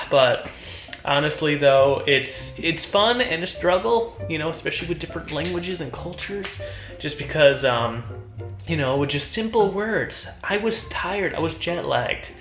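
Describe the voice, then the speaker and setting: Brief: animated stand-up comic, mid pitch, echoey event hall. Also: a little slow, soft background music. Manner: animated, acts out relatives in raised voices. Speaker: stand-up comedian. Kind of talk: comedy rant on stage. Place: college event stage.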